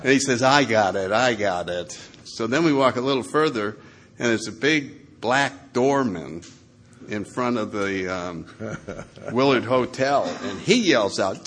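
A man's voice: medium pitch, expressive, measured pace. A man telling funny stories at a meeting, laughing and acting out the people in them. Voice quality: laughs through his stories, does loud voices for others. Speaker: recovering alcoholic sharing at a meeting. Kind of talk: lively anecdotal storytelling.

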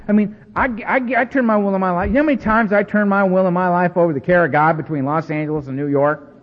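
A man speaking to a recovery meeting, telling stories in an animated, self-mocking way and acting out the dialogue. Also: high-pitched, fast talker. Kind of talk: storytelling talk to an audience. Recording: dull recording with long hall reverb.

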